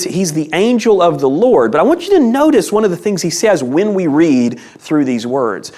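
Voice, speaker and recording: A man's voice: on the high side, darkish tone. A man teaching a casual Bible study in a conversational, emphatic way, asking rhetorical questions.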